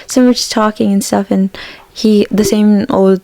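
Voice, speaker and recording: A woman's voice: medium pitch, fairly even intonation, brisk, gravelly, warm tone, dry recording. A woman in her twenties co-hosting a podcast, chatting casually and telling a story while acting out the voices of the people in it. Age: 20s. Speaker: podcast co-host. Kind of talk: casual chat.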